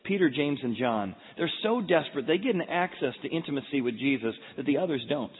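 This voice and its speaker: A man preaching a sermon, retelling the scene dramatically and swinging from hushed tones to loud outbursts. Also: on the high side, lively intonation, fairly quick, slightly rough. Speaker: pastor. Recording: echoey hall over a tinny phone-like line.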